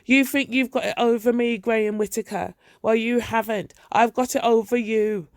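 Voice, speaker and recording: A woman's voice: medium pitch, lively intonation, moderate pace, creaky, darkish tone, no room sound, clean studio sound. A woman reading a dramatic monologue, voicing a fretful elderly mother in her seventies who scolds and sulks. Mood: shouting. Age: 70s. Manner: scolding, wounded, accusing.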